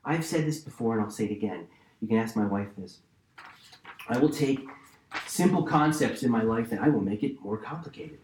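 A man's voice: lowish voice, animated, normal speed, darkish tone, a little hiss or hum. A man pastor preaching a sermon with emphatic, conversational delivery, repeating key phrases for weight. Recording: roomy echo.

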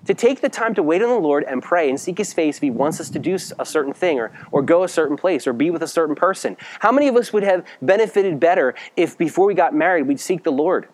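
A middle-aged man delivering a sermon in a casual, conversational way, firing off rhetorical questions to his congregation. His voice sits a little higher than most men's, and he sinks into a low, grave tone when he turns serious. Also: animated, fast talker, hardly any pauses, darkish tone. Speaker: pastor.

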